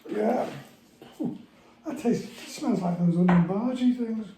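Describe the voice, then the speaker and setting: A man's voice: high-pitched, unhurried, creaky, reverberant, noisy background. A man cooking in a home kitchen, grumbling and often asking "eh?" as he chats casually. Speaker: cook on a home cooking show. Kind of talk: casual chat while cooking.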